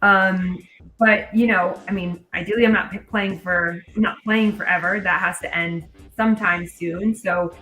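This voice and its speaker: A woman's voice: fairly low pitch, fairly even intonation, moderate pace, bright, forceful tone, soft background music, poor audio. A woman in her thirties, a guest on a sports podcast, chatting casually and laughing often. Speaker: podcast guest, American football coach. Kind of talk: casual chat.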